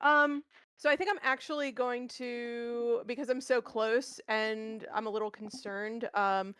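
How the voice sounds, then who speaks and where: A woman playing a tabletop game, talking hesitantly with many pauses and ums. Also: on the high side, steady tone, a bit bright, smooth, no echo, studio quality. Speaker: player. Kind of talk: casual tabletop play.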